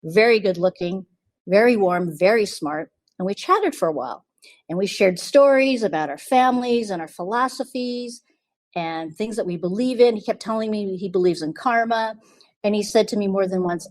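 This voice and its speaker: A woman hosts her podcast and tells a personal story. She sounds casual and confiding, and she acts out other people's lines in lively asides. The recording is dry and close, with no room sound. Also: medium pitch, moderate pace, no echo. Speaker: podcast host.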